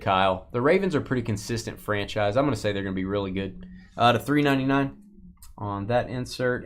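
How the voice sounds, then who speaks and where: A man hosts a live card-break stream with an animated, lively voice that swings up and down. He jokes with the chat as he reads out names and teams, and he chats easily about each pack he opens. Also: mid-range voice. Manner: chatty asides about cards as he opens packs. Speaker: host of a live sports card group break. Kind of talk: casual live-stream commentary.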